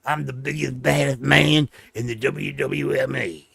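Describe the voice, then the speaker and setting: A man putting on a slow, boastful pro wrestler voice. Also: medium pitch, steady tone, gravelly, a bit bright, slightly rough, dry recording, exaggerated voice.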